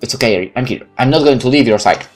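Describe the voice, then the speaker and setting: A man reading a visual novel aloud, narrating in first person with expressive delivery. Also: mid-range voice, very fast, soft background music. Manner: expressive, candid. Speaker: let's play narrator.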